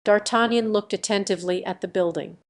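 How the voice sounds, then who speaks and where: A woman reading a classic adventure novel aloud as an audiobook narrator, in an even, measured way. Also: mid-range voice.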